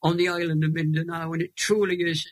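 A Welsh man in his eighties, a guest telling an emotional testimony in a lively, dramatic way. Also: on the high side, quick pace. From Wales. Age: 80s.

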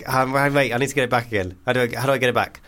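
A male radio host chatting casually and telling rambling stories that poke fun at himself. His voice sits at an ordinary middle pitch. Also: rapid-fire, fairly bright tone. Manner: rambling, self-mocking storytelling.

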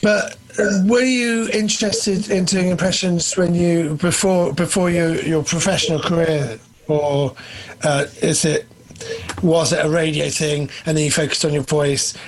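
A man's voice: on the high side, vocal fry, poor audio. A man interviewing a guest in a casual chat, asking long rambling questions. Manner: rambling, many fillers and restarts.

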